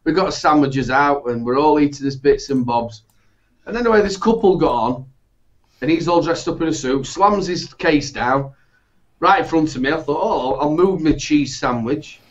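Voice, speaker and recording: A man with a Yorkshire accent telling animated, sweary stories in casual chat. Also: a little high, moderate pace. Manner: animated anecdotes, swears, laughs through stories. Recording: dull lo-fi sound.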